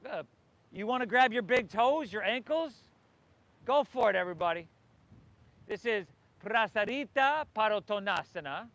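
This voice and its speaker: Male yoga teacher, higher-pitched, calls cues to a group, encouraging. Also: animated, normal speed, a bit bright. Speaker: yoga instructor. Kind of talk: guiding a yoga class. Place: outdoors by the ocean.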